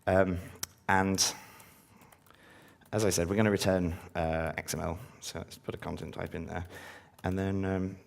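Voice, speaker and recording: Low gravelly guy live coding at a conference, lots of ums, chatty. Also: flat delivery, a little slow. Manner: casual, filler-heavy, upbeat when engaging audience. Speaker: conference speaker. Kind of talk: live-coding tech talk. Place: conference hall with audience.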